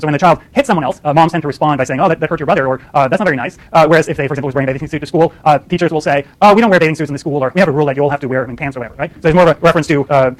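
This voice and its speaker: A man's voice: a little high, poor audio. A man giving a university lecture, often stopping to ask "right?" and restarting his sentences. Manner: lots of fillers and restarts, asks "right?" often.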